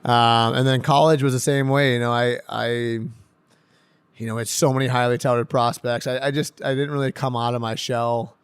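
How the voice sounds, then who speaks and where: Animated, laughing young man. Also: mid-range voice, moderate pace, smooth. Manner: animated storyteller who laughs often and gets loud when excited. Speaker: pro hockey defenseman guest. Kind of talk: casual podcast interview.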